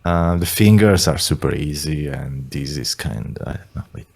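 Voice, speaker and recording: A man's voice: very deep voice, normal speed, creaky, darkish tone. A man in his forties with an Italian accent, a singer chatting as an interview guest in a meandering, self-deprecating way. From Italy. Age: 40s. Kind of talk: casual chat.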